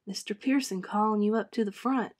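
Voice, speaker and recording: A steady, low-voiced older uncle speaks gently but leaves no room for argument, as a woman reading a storybook puts him on. His voice stays soft and calm. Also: brisk, close to an everyday voice. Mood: gentle firm. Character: gentle but firm older uncle, rural Southern speech.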